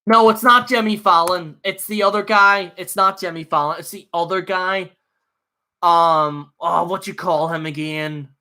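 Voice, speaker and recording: Bright-voiced man ranting on a livestream. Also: sits high, fairly even intonation, unhurried, smooth. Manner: rambling, fired-up, jokey. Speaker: livestream host. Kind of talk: casual livestream rant.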